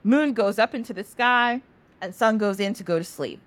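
A woman podcast host retelling a myth in a casual, animated way, swearing freely. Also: mid-range voice, moderate pace.

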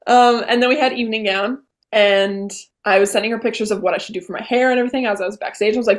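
A young woman in her late teens, a podcast guest, retelling events in a bubbly, animated way with lots of "I was like.". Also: on the high side, quick pace, few pauses. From Vermont. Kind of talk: casual interview storytelling.

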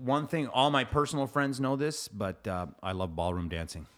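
A man co-hosting a contractors' podcast, an animated storyteller who laughs often in casual chat. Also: medium pitch, normal speed. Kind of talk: casual chat and joke telling.

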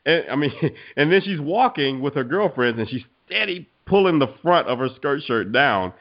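A man's voice: a little high, animated, normal speed, dull audio. A man co-hosting a podcast, telling stories in casual chat and breaking into laughter often. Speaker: podcast co-host.

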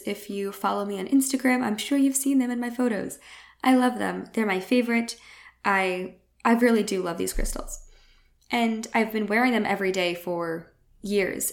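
Earnest woman hosting a spiritual podcast. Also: medium pitch. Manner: earnest, reassuring, conversational. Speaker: podcast host.

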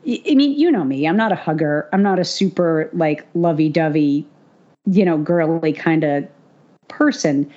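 A woman co-hosting a podcast, telling a story in a casual, animated way and swearing freely. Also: low voice, normal speed, dull audio. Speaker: podcast co-host.

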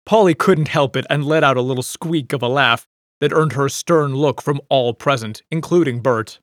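A man reads an audiobook chapter aloud, keeping his scripted storytelling measured and even. Recorded in a clean studio with no echo, his voice is mid-range.

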